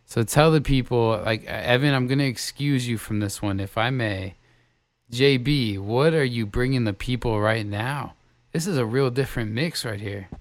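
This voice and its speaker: A man's voice: medium pitch, normal speed, dry recording. A man co-hosting a podcast, playful and bantering, with emcee-style asides to listeners. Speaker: podcast co-host.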